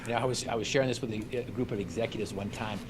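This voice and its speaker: A man's voice: fairly low pitch, fairly even intonation, rapid-fire, noisy background. Emphatic man giving a motivational talk. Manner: emphatic, repetitive storytelling with rhetorical questions. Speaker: motivational speaker guest. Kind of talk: motivational talk on a live video call. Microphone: video call.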